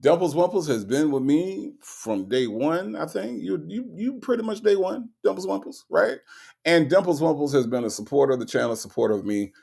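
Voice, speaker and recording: A man's voice: a little high, lively intonation, fairly quick, gravelly, warm tone, slightly rough. A man hosting a livestream, reading out viewer messages in a chatty, repetitive way that keeps tagging lines with okay and all right. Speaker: livestream host. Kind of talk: live-stream chat, reading viewer messages.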